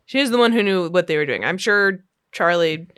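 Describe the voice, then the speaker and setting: A woman hosting a podcast, telling a true story in a relaxed, chatty way with fillers and laughs. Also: on the low side, brisk, clear, resonant tone. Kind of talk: casual storytelling chat.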